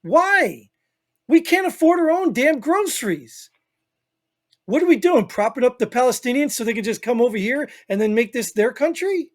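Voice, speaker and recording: A high-pitched man with a Northern US accent rants his way through a casual podcast chat. He rambles and leans hard on his points, tossing in "you know what I mean" again and again. His voice sits noticeably high for a man. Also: expressive, moderate pace. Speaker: podcast co-host.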